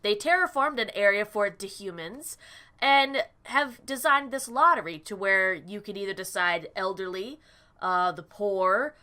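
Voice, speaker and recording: A woman hosting a casual let's-play, chatty and giggly, reacting out loud as she reads a visual novel. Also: mid-range voice, animated, a little slow. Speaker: gaming channel host.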